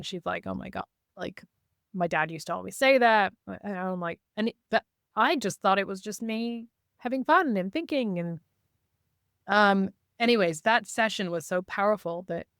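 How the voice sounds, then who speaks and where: Woman telling lively stories, dry sound. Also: mid-range voice, no echo. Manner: lively, acts out quoted dialogue. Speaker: podcast guest, intuitive reader. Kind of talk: casual storytelling interview.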